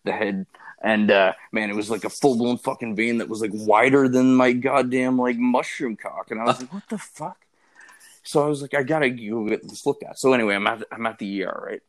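A man's voice: mid-range voice, steady tone, a little fast. A young man telling an embarrassing story in casual, profane chat, rambling and packing his speech with fillers.

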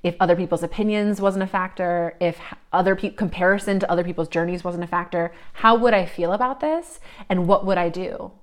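A woman giving a psychic reading, talking in a searching, meandering way with many fillers, often drifting soft and reflective. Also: on the low side, fairly quick, few pauses. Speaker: psychic reader.

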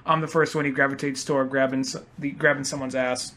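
A man's voice: mid-range voice, little pitch movement, fast, bright, forceful tone. A young man co-hosting a podcast, joking and laughing through casual banter. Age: young adult. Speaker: podcast co-host. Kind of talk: casual chat.

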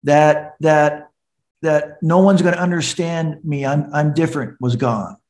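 A middle-aged recovery coach appears as a podcast guest and earnestly narrates his personal story, imitating the voices of its characters. His voice is a little high and a little mellow, and he takes his time.

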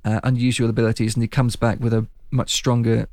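A man recapping a film in casual chat, talking fast and laughing a lot. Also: medium pitch, level tone, darkish tone, no echo. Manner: chatty, laughing, puts on voices when quoting.

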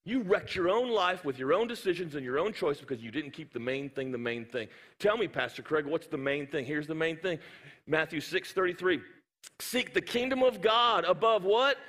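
A male pastor, preaching with animated storytelling and playful sound effects. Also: high voice, normal speed. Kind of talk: sermon. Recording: hall reverb.

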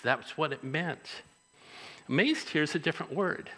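Male pastor, mid-range voice, bright and forceful, conversational sermon delivery with rhetorical questions, reverberant hall. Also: on the high side, lively intonation, unhurried.

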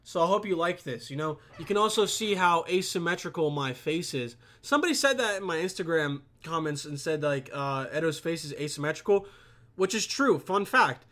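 This young man, a vlogger, vents to the camera set on his computer in a profane, rambling rant full of constant swearing. He speaks fairly quickly in a fairly high, somewhat bright voice with lively intonation.

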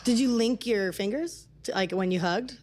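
A woman's voice: medium pitch, moderate pace, a little mellow. A woman co-hosting a casual comedy talk show, teasing and blunt. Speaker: show co-host.

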